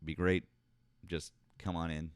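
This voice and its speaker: A man's voice: sits low, little pitch movement, unhurried, clean tone, no echo, studio quality. A man hosting a political call-in stream, arguing hard with a caller in a profane, combative way, his throat sore. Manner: argumentative, profane, talks over callers. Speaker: political talk show host. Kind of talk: heated live call-in debate.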